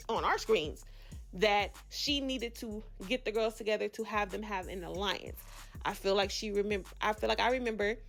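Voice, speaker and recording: A woman's voice: fairly high pitch, vocal fry. A woman hosting a casual reality TV recap, chatty and sassy, laughing often as she talks to her viewers.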